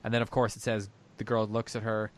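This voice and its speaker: A man hosts a book discussion, thinking aloud as he works through a story's meaning. His voice sits a little low. He sounds reflective and unhurried. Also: level tone. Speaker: host.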